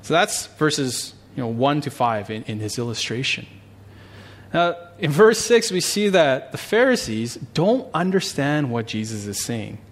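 A male pastor praying, then teaching a Bible passage in a conversational, animated way. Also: medium pitch, unhurried. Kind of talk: sermon with prayer.

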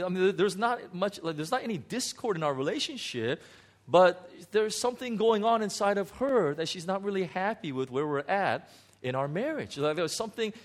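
A man who is a pastor, telling a candid, self-mocking story from his own marriage in a sermon, with many restarts and fillers. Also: high-pitched. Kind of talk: sermon testimony.

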